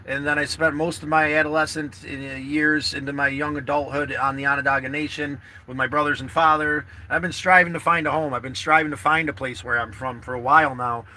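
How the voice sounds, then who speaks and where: A man's voice: on the high side, fairly even intonation, brisk, hardly any pauses, sharp tone, slight background noise. A man chatting casually to livestream viewers from his parked car, rambling and earnest, repeating himself and swearing freely. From New York State.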